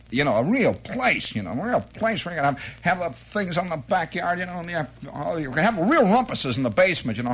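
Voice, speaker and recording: A middle-aged man telling a rambling comic monologue, jumping into quoted voices and exclamations. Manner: rambling, animated storytelling with sudden high-pitched quoted exclamations. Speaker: comedian.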